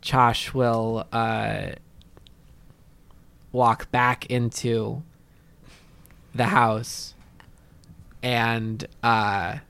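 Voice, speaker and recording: Slow hesitant man at a game table. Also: medium pitch, little pitch movement, gravelly, fairly bright tone, clean tone. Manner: slow, hesitant, many fillers. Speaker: player.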